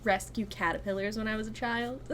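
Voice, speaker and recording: A young woman streaming a game, chatting casually to her viewers, giggling and thinking out loud. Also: on the high side, steady tone, fairly quick, slight background noise. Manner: chatty, giggly, talks to chat and herself. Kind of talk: casual gameplay chat.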